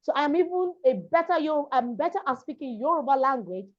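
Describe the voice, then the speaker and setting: A woman's voice: sits high, animated, brisk. A Nigerian woman who grew up in Lagos, a diction and public speaking coach, explaining things emphatically and repeating her key points in an interview. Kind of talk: interview conversation. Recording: dull lo-fi sound.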